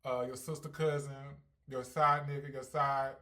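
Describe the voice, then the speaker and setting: A ballroom performer hosts a casual Q&A vlog on his channel in a mid-range voice at normal speed. He is brash and sassy, full of heavy slang, and swings between loud, hyped bursts and calm reflection.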